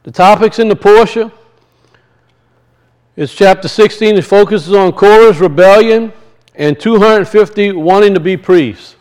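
A man's voice: high voice, measured pace, darkish tone. A man teaching the weekly Torah portion as a sermon, earnest and repeating key phrases for his listeners. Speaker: Bible teacher.

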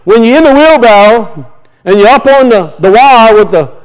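A man's voice: very high-pitched, expressive, moderate pace, poor audio. A middle-aged man preaching a sermon, firing rhetorical questions at his congregation. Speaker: pastor.

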